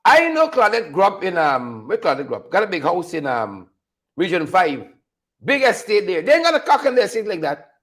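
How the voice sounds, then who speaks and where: A man's voice: high-pitched, wildly swooping pitch, a little fast, fairly bright tone. A man hosting an unscripted political commentary show, mocking his subjects, laughing often and repeating phrases for effect. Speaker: show host.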